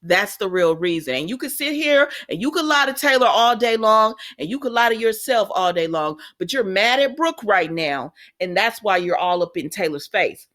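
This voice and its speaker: A woman's voice: medium pitch, expressive, normal speed, few pauses, fairly bright tone. A woman recapping a soap opera in casual chat, sassy and talking back to the characters.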